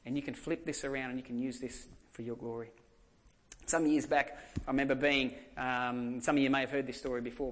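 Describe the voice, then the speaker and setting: A man's voice: mid-range voice, a bit bright. An Australian man preaching a sermon as a pastor, telling stories in a conversational way and repeating emphatic phrases.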